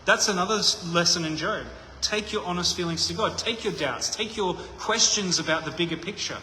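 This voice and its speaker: A man's voice: sits high, a little fast, pushed and bright, a little hiss or hum. A man preaching a conversational sermon, thinking aloud with frequent restarts. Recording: echoey hall with long reverb.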